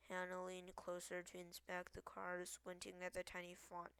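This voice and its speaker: A woman reading a novel aloud, halting and often restarting words. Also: fairly low pitch, monotone, a bit bright, clean tone, dry recording. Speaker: reader.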